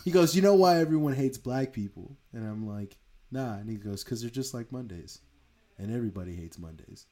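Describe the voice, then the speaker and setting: A young man co-hosting a casual chat, rambling through a story with frequent swearing and laughter. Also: on the high side. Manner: rambling, profane, laughs often.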